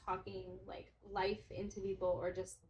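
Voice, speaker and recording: A young adult woman, a podcast guest in casual chat, telling lively stories, laughing often and acting out the voices of others. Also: mid-range voice, moderate pace, highs cut off, a little hiss or hum. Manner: animated storyteller, laughs often, acts out quotes.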